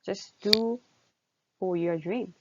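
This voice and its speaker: Woman, Korean accent, university lecturer, gravelly, dull dry recording. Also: medium pitch, slow pace, heavy background noise. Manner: explanatory, with many fillers and rhetorical questions.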